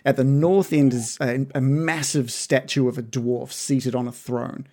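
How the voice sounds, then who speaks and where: A man in a mid-pitched voice narrates a tabletop game as game master. He talks in a relaxed, halting way, filling the gaps with ums.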